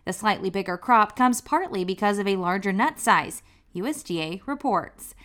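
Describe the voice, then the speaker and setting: A woman hosting a farm news radio show, reading scripted news in a brisk, upbeat announcer style. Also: medium pitch, animated, fairly bright tone.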